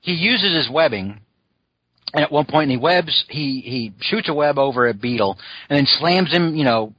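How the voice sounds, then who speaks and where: A man hosting a podcast, chatting casually with many fillers and restarts and clearing a scratchy throat. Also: on the high side, expressive, moderate pace, dry recording, dull audio. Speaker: podcast host reviewing a cartoon. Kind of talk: casual chat.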